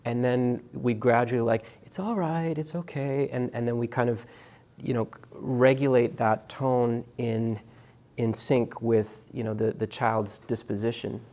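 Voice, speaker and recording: A middle-aged man lecturing a class, talking in a halting, conversational way with many restarts and fillers and putting questions to his students. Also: mid-range voice, little pitch movement, darkish tone. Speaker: university lecturer.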